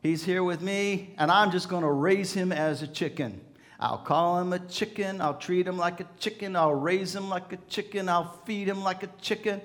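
A man's voice: high-pitched, moderate pace, a bit bright. A man voicing an easygoing old male chicken farmer in a sermon story, folksy and resigned.

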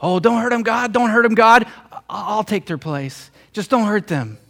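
A preacher voicing a pleading, self-sacrificing son. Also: male voice, high voice, animated, a little slow, vocal fry, full character voice. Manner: pleading, earnest. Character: pleading son begging to take others' place.

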